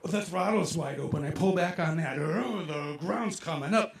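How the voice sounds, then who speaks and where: Gravelly and fairly high-pitched, a man in his sixties speaks at normal speed with reverb around him. He's sharing a personal story before a live crowd in an outdoor amphitheater, acting out his own reactions with animation and emotion.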